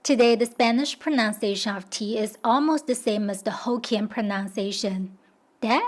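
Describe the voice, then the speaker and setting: A woman narrating a scripted documentary voice-over in a steady, explanatory way. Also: medium pitch, moderate pace.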